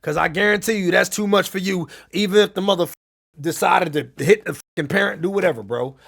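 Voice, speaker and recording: A man's voice: sits high, fairly quick, gravelly, fairly bright tone. A man streaming, telling blunt, profane stories and answering his chat in heated casual talk. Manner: reads and answers chat messages. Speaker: gaming streamer.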